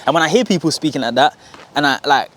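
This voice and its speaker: Young London man, podcast guest, lively storyteller, quick delivery. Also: fairly high pitch. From England. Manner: animated storyteller, acts out quoted voices. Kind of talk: casual interview chat.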